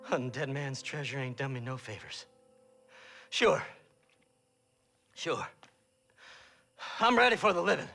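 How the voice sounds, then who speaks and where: An actor playing a greedy, wild old grave robber with a creaky, cackling voice and crude manner. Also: male voice, medium pitch, sing-song, measured pace, long pauses, bright, forceful tone, soft background music, full character voice. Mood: grumbling. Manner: giddy, crude, mocking.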